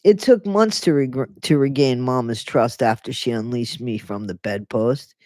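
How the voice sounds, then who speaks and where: A woman streamer reading a book aloud and breaking off for sarcastic, animated commentary. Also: extremely low pitch, unhurried, dry recording, clean studio sound. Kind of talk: casual read-aloud with running commentary.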